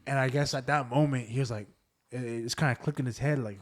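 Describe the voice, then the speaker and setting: A man's voice: mid-range voice, steady tone, brisk. A man hosting a podcast, telling family ghost stories in a loose, rambling way full of fillers. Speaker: podcast host. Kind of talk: casual storytelling chat.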